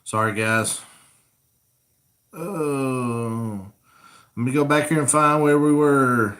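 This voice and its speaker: Speaking at medium pitch and normal speed with a fairly bright tone, a man who hosts a coon hunting channel chats easily through a casual live-stream Q&A. He reads viewer comments aloud, picked up by a camera rig mic.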